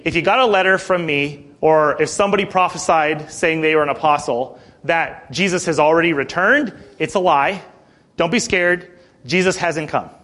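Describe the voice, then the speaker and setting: Male pastor, high voice, chatty preaching that breaks scripture down plainly. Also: fairly bright tone. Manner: conversational preaching with asides and acted quotes. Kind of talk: sermon.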